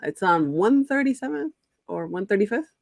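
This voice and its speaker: A woman's voice: medium pitch, expressive, moderate pace, gravelly, no room sound, studio quality. A woman hosting an interview show, introducing her guest with enthusiasm. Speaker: host.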